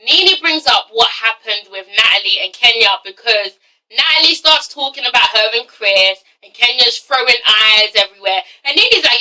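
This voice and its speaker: A woman reviewing a TV episode in a casual vlog, animated and swearing freely, often breaking into laughter. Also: on the high side, moderate pace, distant mic, rough recording. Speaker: TV show reviewer.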